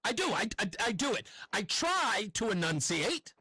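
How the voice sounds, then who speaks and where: A man's voice: high-pitched, big pitch swings, normal speed, sharp tone, slightly rough, no room sound, low-quality recording. A man with a New York accent hosting a talk radio show, delivering a rambling, self-correcting opinion monologue from a studio.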